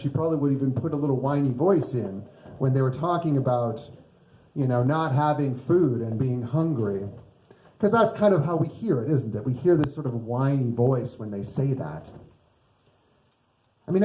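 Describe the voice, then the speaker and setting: Pastor preaching in an echoey church. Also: male voice, mid-range voice, normal speed, mellow, dull audio. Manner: conversational, asks the congregation rhetorical questions. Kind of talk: sermon. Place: church sanctuary.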